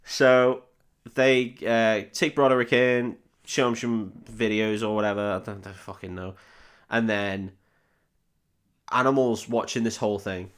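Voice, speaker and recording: A man's voice: on the low side, fairly even intonation, measured pace, a bit bright, clean tone. A man, co-hosting a comedy podcast and recapping a film in a casual, swearing way, laughing often and acting out characters.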